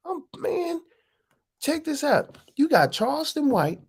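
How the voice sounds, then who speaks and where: This man's voice is extremely high-pitched yet darkish and husky, swinging widely in pitch at a moderate pace. He hosts his own channel with a casual, preachy monologue full of profanity, slang and rhetorical questions.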